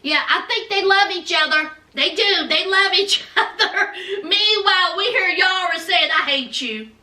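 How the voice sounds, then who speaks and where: A woman's voice: extremely high pitch, a little slow, pushed and bright, roomy sound, distant mic. A woman in a sassy, dramatic casual recap of a reality show, laughing often and acting out what people said.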